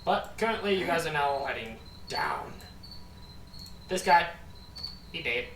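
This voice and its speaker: A man narrating as game master of a tabletop game, animated, swearing and mocking himself. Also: a little high, measured pace. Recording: echoey room, far from mic, background noise.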